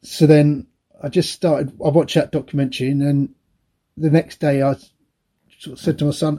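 A man's voice: a little high, level tone, normal speed, dark tone. A middle-aged man co-hosting a podcast, chatting about films in a rambling, anecdotal way and laughing often. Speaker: podcast co-host. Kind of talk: casual film chat.

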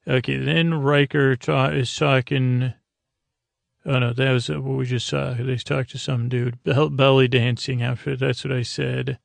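A man's voice: mid-range voice, little pitch movement, a little slow, creaky, no echo. A man hosting a podcast, recapping an episode in a casual, rambling way with many fillers and restarts. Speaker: podcast host.

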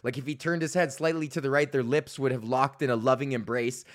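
A man's voice: medium pitch, steady tone, fairly quick. A young man hosting a podcast, ranting casually and angrily with constant swearing. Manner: profane, exasperated, heavy swearing. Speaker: podcast host.

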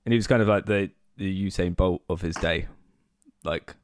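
A man's voice: sits low, normal speed, darkish tone. A male podcast host chatting casually, laughing often and giving short encouraging replies. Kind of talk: casual chat.

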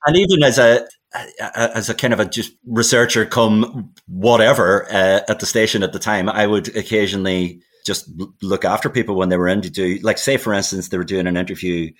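A man's voice: on the low side, fairly even intonation, brisk. A man, a podcast guest telling stories of his radio voice work in a reflective, meandering way. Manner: reflective storyteller, frequent restarts and asides. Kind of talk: casual chat.

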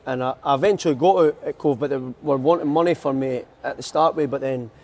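A man's voice: mid-range voice, quick pace, a little mellow. A young Scottish man, a footballer telling stories in a casual podcast chat, laughing often. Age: young adult. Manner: chatty storyteller, laughs a lot.

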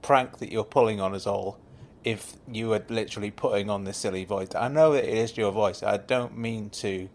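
A man's voice: lowish voice, moderate pace, darkish tone, a little hiss or hum. A man in an audio sitcom, talking in a rambling, apologetic, stammering way. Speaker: comic performer.

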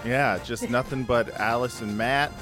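A man's voice: mid-range voice, steady tone, measured pace, a bit bright, soft background music. A man guesting on a comedy podcast, riffing loosely and joking through the chat. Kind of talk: casual comedic banter. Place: Los Angeles.

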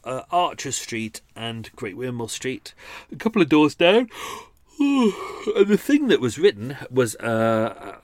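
Rambling low-voiced man hosting a podcast. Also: no room sound. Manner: rambling, hesitant, lots of fillers and restarts. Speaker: podcast host. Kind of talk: casual storytelling and quiz.

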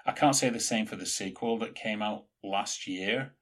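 A man co-hosting a podcast, chatting casually in an animated, rambling way with plenty of fillers. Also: fairly low pitch, moderate pace. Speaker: podcast co-host. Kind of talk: casual chat.

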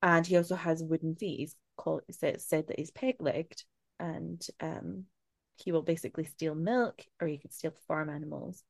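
This Scottish woman has a low, gravelly voice and a steady tone, speaking at normal speed in a dry recording. As a podcast co-host she tells spooky folklore in a casual, chatty way, swearing freely and laughing in asides.

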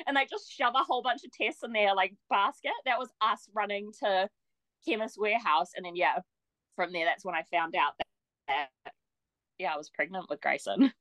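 A young woman, a podcast guest telling her story in a lively way, laughing often and acting out what people said. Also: medium pitch, normal speed, no echo, low-quality recording. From New Zealand. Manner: lively, laughs often, acts out quoted voices. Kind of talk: casual storytelling.

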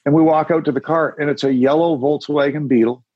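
A musician and former radio announcer, appearing as an interview guest, tells rambling, casual stories and acts out the voices of people he quotes. His voice is a little high with a steady tone and a slightly fast pace, on a muffled recording with slight background noise.

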